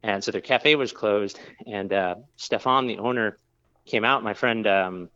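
Rambling low-voiced man telling a story. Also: unhurried, pushed and bright, smooth, lo-fi sound. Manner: rambling, with many fillers and restarts. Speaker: brewer. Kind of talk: casual storytelling interview.

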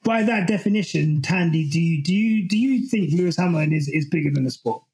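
A man's voice: on the high side, animated, a little fast, a little mellow, low-quality recording. A man hosting a podcast, chatting casually with frequent fillers and restarts. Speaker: podcast host. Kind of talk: casual chat.

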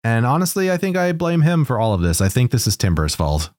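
A man co-hosting a casual podcast chat, joking in a dry, deadpan way. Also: mid-range voice, fairly quick, no echo. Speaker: podcast co-host.

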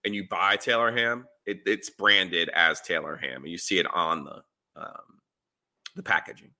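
A man's voice: deep voice, fairly even intonation, moderate pace, bright, forceful tone. A man from New Jersey co-hosting a sports podcast, explaining things in a wry, chatty way. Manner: explanatory, wry, acts out quoted reactions. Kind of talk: casual sports chat.

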